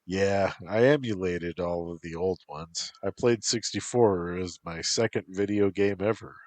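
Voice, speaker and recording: A man's voice: deep voice, unhurried, a little mellow, dry recording. A man voicing an eager young male student rambling about old video games.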